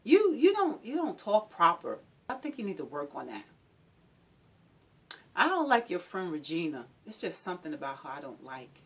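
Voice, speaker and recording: A woman's voice: on the low side, huge pitch swings, normal speed, husky, exaggerated voice. Woman acting out a controlling abusive boyfriend. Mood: coaxing. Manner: pleading then shouting, repetitive. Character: controlling abusive male partner, sweet-talking then menacing.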